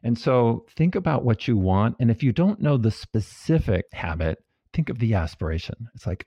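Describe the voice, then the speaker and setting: A man being interviewed as a guest researcher, explaining ideas in a calm, practical and lightly playful way. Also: mid-range voice, normal speed, hardly any pauses, dry recording, highs cut off.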